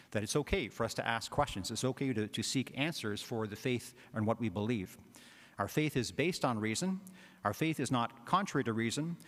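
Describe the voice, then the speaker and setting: A man, a parish priest, giving a conversational homily with frequent filler words. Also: mid-range voice. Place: church. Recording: long church reverb.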